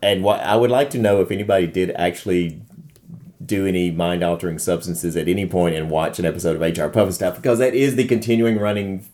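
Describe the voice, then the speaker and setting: A man's voice: low voice, fast talker, warm tone. A man co-hosting a podcast, eager and rambling as he talks to listeners. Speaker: podcast co-host. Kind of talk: casual podcast chat.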